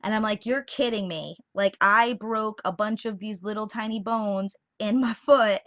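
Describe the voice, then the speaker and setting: In a casual vlog to camera, a young woman laughs her way through a chatty story full of fillers. She talks at a normal speed in a medium-pitched, somewhat bright voice, and the lo-fi recording sounds slightly dull.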